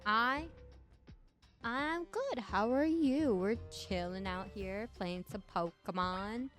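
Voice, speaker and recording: A woman's voice: medium pitch, slow pace, fairly bright tone, soft background music. A woman streamer chatting casually over a game, her voice stuffy from congestion, rambling and talking to her chat. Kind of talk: casual gameplay commentary.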